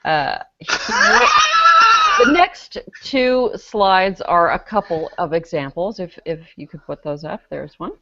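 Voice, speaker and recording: A woman's voice: on the low side, big pitch swings, a little slow, very noisy. A woman on a casual web panel show, presenting a news story with dry sarcasm as she reads comments aloud. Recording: dry, dull lo-fi video call audio.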